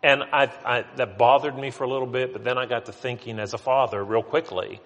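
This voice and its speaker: A man's voice: medium pitch, fairly even intonation, brisk, a bit bright. Man preaching in a reverberant hall. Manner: conversational storytelling with frequent restarts. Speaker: pastor. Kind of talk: sermon. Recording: long reverb of a large hall.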